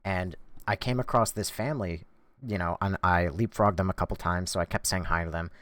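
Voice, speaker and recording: Talking briskly in a low voice, a streamer plays a video game and reads his chat aloud. His casual commentary is full of jokes, chatter, and animation.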